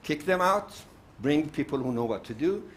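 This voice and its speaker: A man's voice: on the high side, animated, moderate pace, a little hiss or hum. An older man from South Africa speaking at a summit panel, outspoken and emphatic, repeating his points for force. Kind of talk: impassioned summit speech.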